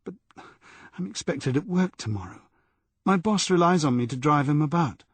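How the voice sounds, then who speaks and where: A man's voice: a little high, expressive, normal speed, husky, no room sound, pitched above the performer's own voice. A man voicing a female witness in an audiobook, giving clipped, evasive replies. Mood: defiant. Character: female witness under questioning, guarded and defiant.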